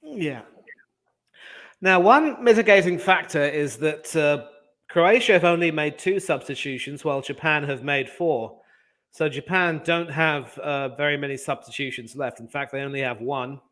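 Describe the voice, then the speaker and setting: A man hosting a football watch-along over a video call, talking in a measured, thoughtful way with frequent pauses. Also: a little high, a bit bright. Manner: measured, thoughtful, hesitant with fillers. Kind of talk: casual match chat over video call.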